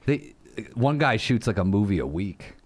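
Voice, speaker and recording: A man co-hosting a podcast in casual chat, blunt and quick to cut in with reactions and laughs. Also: fairly low pitch, very animated. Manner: blunt, interjecting, laughs often. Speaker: podcast co-host.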